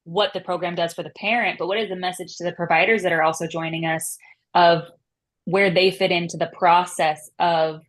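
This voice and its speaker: A woman's voice: on the low side, fairly even intonation, fairly quick. A woman moderating a webinar panel, asking questions in a conversational way.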